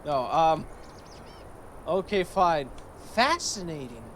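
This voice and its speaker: Brief: higher-pitched male streamer, wry and sarcastic, reads game text with a faint hiss behind him. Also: animated, moderate pace. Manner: joking, sarcastic. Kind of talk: casual game commentary, reading event text aloud.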